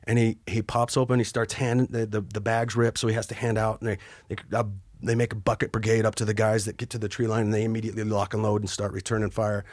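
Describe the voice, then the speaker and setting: Man, podcast guest, lively storytelling, husky, low-pitched, dry close mic. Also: quick pace, few pauses, no room sound. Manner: animated, acts out quotes with sudden high yelps and hushed asides. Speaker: podcast guest, Army helicopter pilot. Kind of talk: casual storytelling.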